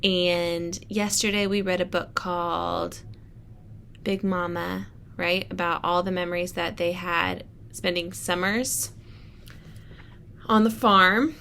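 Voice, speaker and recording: A woman's voice: on the low side, steady tone, slow, bright, forceful tone, slight background noise. A woman teacher reading a picture book aloud to children, thinking aloud as she models how to work out unfamiliar words. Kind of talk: read-aloud lesson for children.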